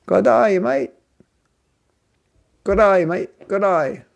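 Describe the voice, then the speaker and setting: A man's voice: sits high, slow pace, vocal fry, voice pushed up, heavily acted. A man putting on a mock Australian accent as a cheery male greeter.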